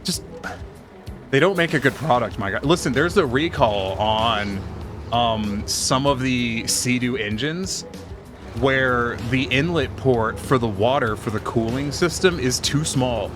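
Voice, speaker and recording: A man's voice: medium pitch, a little slow, over music. A man streaming a game, telling rambling, profane work stories in casual chat. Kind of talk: casual chat while gaming.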